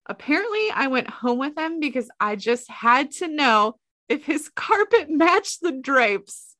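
A young woman co-hosting a casual podcast, chatting in a relaxed way and laughing easily. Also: high-pitched, a little slow, no echo, studio quality. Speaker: podcast co-host.

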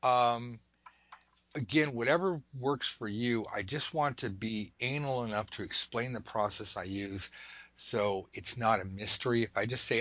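An adult man casually demonstrating a tarot card method at a table indoors, talking in a rambling, joking way with animated asides. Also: medium pitch, moderate pace, no echo, dull audio. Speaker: tarot reader teaching a method.

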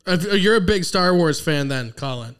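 An easygoing man chatting casually, with a smooth, resonant voice pitched a little high. He laughs along with the others and stammers a little as he starts his sentences. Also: lively intonation, normal speed, fairly bright tone. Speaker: podcast co-host. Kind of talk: casual chat.

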